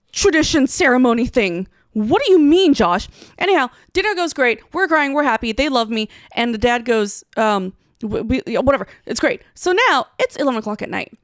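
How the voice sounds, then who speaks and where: A woman co-hosting a podcast, telling a story in casual chat, animated and swearing as she acts out quotes. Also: a little high, vocal fry, no room sound, studio quality. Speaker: podcast co-host.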